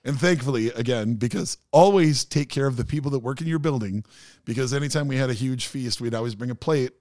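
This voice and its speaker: A man hosting a casual podcast chat, telling a story in an animated way and acting out the people in it. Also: mid-range voice, brisk, dry recording, clean studio sound. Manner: animated storyteller who acts out quoted people. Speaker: podcast host.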